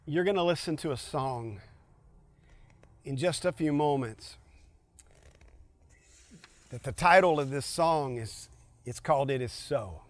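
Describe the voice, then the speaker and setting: A man's voice: a little high, expressive, measured pace, no room sound. Earnest man preaching a streamed sermon. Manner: earnest, repeats key phrases, restarts often. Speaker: pastor.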